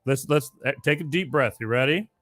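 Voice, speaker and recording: A man's voice: mid-range voice, fairly quick, fairly bright tone. A man hosting a call-in talk show, speaking emphatically, repeating himself and stumbling over words. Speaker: radio show host.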